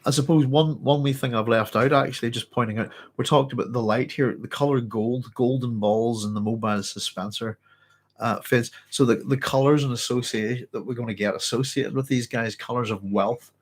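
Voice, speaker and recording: A man hosting a casual book club, congested and a little muffled, chatting and rambling with many restarts. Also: medium pitch. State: congested, blocked-up nose. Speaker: book club host and teacher. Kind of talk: casual book discussion with reading aloud.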